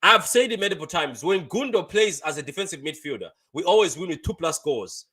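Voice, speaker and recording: Man, young adult, fan stream host, casual reaction chat, bright tense tone, fairly high voice. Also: lively intonation, fairly quick, breathy edge. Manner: chatty, repeats phrases, laughs often, reads comments aloud.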